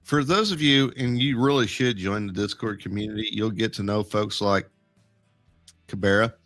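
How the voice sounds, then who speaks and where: A man's voice: lowish voice, moderate pace, fairly bright tone, faint music behind. A man co-hosting a casual talk show, laid-back and folksy, chuckling between remarks. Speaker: co-host. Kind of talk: casual chat.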